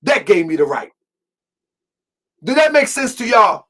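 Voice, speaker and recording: Man, high voice, emphatic, repeats himself, confrontational host. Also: big pitch swings, measured pace, sharp tone. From Baltimore, US. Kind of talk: heated commentary.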